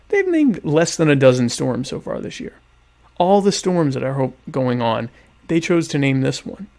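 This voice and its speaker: Sarcastic rambling man with gravelly voice. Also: a little high, a little mellow. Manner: sarcastic, rambling, mock-grandiose. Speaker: podcast host. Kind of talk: casual solo livestream chat. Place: home. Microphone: webcam stream setup.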